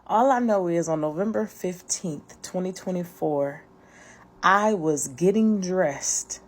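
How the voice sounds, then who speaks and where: A woman slowly and reflectively recounting a personal experience to camera. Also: fairly low pitch, a little mellow, husky.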